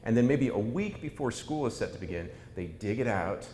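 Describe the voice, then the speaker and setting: A man's voice: animated, fairly quick, mellow. A middle-aged man, an author, giving a humorous talk in a wry, self-mocking way. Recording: echoey hall with faint rumble.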